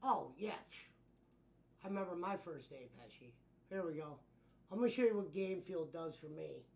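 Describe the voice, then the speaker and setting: A man's voice: on the high side, lively intonation, normal speed, vocal fry. A man hosting a stream, casually talking over his old clips in a loose, laughing way. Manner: loose, laughing, profane chatter. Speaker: streamer host.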